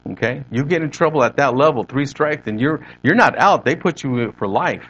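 A man's voice: medium pitch, lively intonation, a little fast, fairly bright tone, slightly rough, lo-fi sound. A man preaching a sermon as a pastor, telling a story conversationally to his congregation.

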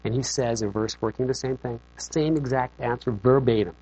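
A man's voice: medium pitch, moderate pace, mellow. A man preaching a sermon as pastor, in a conversational, joking way, often checking in with "okay?". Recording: dull lo-fi recording.

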